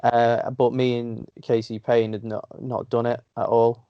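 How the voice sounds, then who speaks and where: A man's voice: medium pitch, flat delivery, a little slow, clean tone, dry recording. A man with a Northern English accent, a wrestler telling stories in a casual interview and laughing often. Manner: chatty storyteller, laughs often. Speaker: guest wrestler. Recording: dull lo-fi sound.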